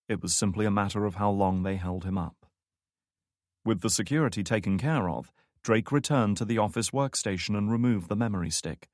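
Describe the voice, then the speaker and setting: A man narrating a thriller audiobook in a steady, measured storytelling voice on a close studio mic. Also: low-pitched, dry recording.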